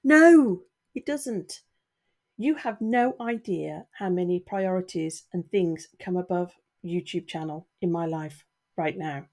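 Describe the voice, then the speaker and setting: Middle-aged woman, vlogger, earnest, emotional and sniffly, mellow voice. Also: lowish voice, slow. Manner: earnest, emotional, talks straight to viewers. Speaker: YouTuber. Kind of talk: candid talk to camera.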